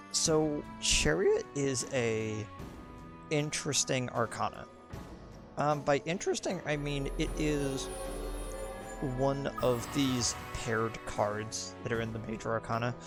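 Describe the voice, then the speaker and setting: A young man streams a video game and rambles through casual commentary, filling his speech with ums and likes. His voice has a gravelly, fry-heavy edge. Faint game music plays underneath. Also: mid-range voice, slow, pauses often.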